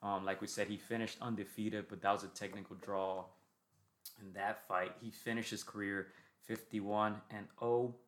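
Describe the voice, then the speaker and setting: A low-voiced man co-hosts a casual boxing podcast. He recounts a fight step by step, often checking in with "right?" and filling pauses with "um". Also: level tone, fairly bright tone. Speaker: podcast co-host.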